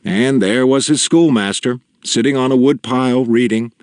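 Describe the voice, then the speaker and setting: A man narrating an audiobook in a measured, deliberate storytelling manner with quiet gravity. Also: medium pitch, no echo, clean studio sound. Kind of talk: scripted narration.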